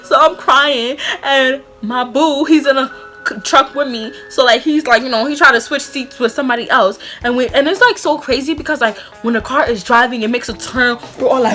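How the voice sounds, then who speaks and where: A young woman telling a storytime vlog, animated and slangy, full of "like" fillers. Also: high voice, moderate pace, faint music behind. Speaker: vlogger.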